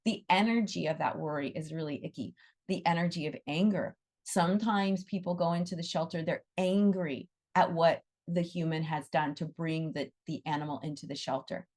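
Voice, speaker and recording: A woman's voice: fairly low pitch, darkish tone. Earnest woman teaching Animal Reiki. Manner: earnest, emphatic, repeats phrases for stress. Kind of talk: live online class talk.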